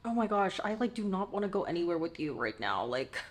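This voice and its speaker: A woman's voice: on the low side, big pitch swings, fast talker, heavy background noise. Chatty, emotional woman reacting to a show. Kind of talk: casual reaction commentary.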